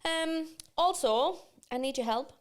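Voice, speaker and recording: A woman's voice: high-pitched, takes it slowly. A woman, co-hosting a casual podcast chat and telling everyday stories with quoted voices. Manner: chatty storyteller acting out quoted voices. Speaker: podcast co-host.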